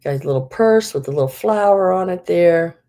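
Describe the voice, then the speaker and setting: Woman, low voice, mellow tone, chatty, rambling, lots of um and like. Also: lively intonation, moderate pace. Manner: chatty, rambling, many fillers, laughs at herself. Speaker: live sale host. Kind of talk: casual live-stream selling.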